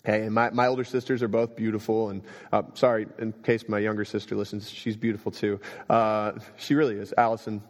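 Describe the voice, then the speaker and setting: A man's voice: fairly low pitch, a little fast, hardly any pauses. Man preaching in an echoing hall. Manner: storytelling, animated swings between quiet and emphatic. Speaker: pastor. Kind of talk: sermon. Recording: long reverb of a hall.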